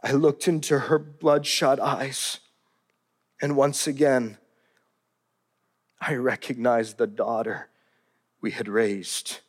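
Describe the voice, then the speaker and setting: A man's voice: medium pitch, steady tone, slow pace, pauses often. A man narrating a first-person memoir in an earnest, heartfelt storytelling manner.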